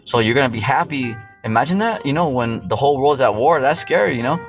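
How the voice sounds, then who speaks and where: A man's voice: medium pitch, lively intonation, fast talker, soft background music. A man preaching from the Bible in a loose, casual way, full of fillers and profanity. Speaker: street preacher.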